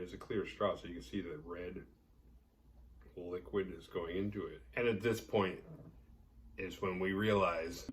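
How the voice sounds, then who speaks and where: A man with a fairly low voice retells a horror film's plot, sounding a little distant from the microphone. He rambles casually, leaning on "like" and throwing in jokes and swear words. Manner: rambling, heavy filler "like", profane and jokey. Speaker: horror movie podcast host. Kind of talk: casual movie recap.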